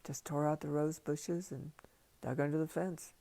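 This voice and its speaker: An older woman talks slowly and quietly into a livestream mic, her low voice gravelly and dark. She drifts in and out of soft whispers as she reflects. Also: fairly even intonation. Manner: soft and hushed, slipping into whispers. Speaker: spiritual teacher. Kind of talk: slow reflective livestream talk. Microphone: livestream computer mic.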